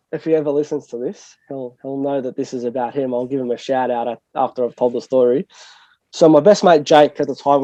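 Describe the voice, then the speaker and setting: A young man with an Australian accent rambles through a casual podcast chat, laughing at himself and swearing freely. His voice sits a little high but sounds dark and mellow. The recording is dry and a bit dull. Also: dry recording. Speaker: guest DJ and producer.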